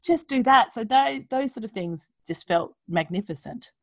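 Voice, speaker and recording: A woman talking candidly as a guest, frank and animated, swearing freely and acting out the voices she quotes. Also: a little high, normal speed, no room sound. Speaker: podcast guest. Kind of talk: candid conversational chat.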